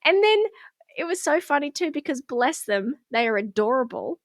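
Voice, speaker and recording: Animated woman telling a story. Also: high voice, normal speed, dry recording, studio quality. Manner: animated, acts out quotes, swears freely. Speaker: podcast co-host. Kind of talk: casual storytelling chat.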